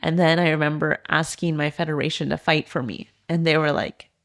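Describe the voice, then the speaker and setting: A woman's voice: deep voice, fairly even intonation, a little fast. A woman in her thirties, a former swimmer and coach, candidly telling her story as a podcast guest, full of "like" fillers. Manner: earnest, heavy use of "like" fillers.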